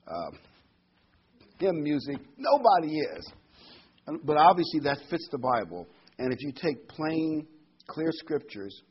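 A pastor preaches conversationally to a small congregation, asking rhetorical questions and reading scripture aloud. His medium-pitched voice has a breathy edge, captured in a dull lo-fi recording.

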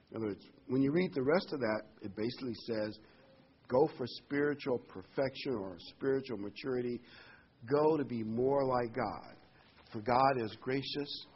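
A man's voice: medium pitch, moderate pace, slightly rough, highs cut off. A man preaching a sermon in a conversational way, his voice lifting on key phrases.

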